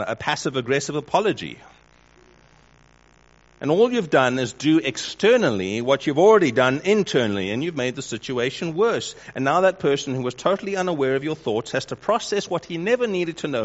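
A man preaching a sermon in a measured way, with wry mock-dramatic asides. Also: medium pitch. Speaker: pastor. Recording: dull lo-fi recording.

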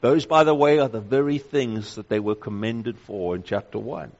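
A man's voice: medium pitch, steady tone, darkish tone. Emphatic male preacher in a reverberant hall. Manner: emphatic, slows down to stress key phrases. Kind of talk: sermon. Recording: dull lo-fi sound with long hall reverb.

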